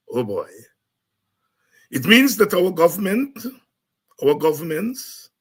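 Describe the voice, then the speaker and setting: A man hosting a talk show who breaks into excited shouts and scatting between serious comments. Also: medium pitch, breathy edge. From Caribbean. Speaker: host and lecturer.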